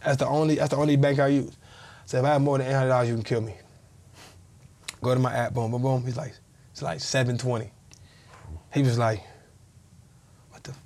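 This podcast guest, a man in his thirties who once played pro football, narrates a story casually and dramatizes the dialogue he quotes. His mid-range, slightly mellow voice stays steady, moving a little fast yet broken by long pauses.

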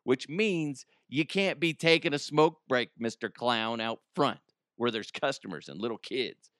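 A man's voice: mid-range voice, animated, unhurried, fairly bright tone, dry recording, clean studio sound. A man hosting a podcast, ranting in a crude, rambling comedic monologue and often laughing. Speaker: podcast host.

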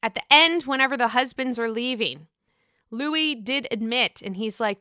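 A woman casually recapping a reality show reunion for her vlog, gossipy and profane, with animated reactions. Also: fairly high pitch, normal speed, dry recording, studio quality.

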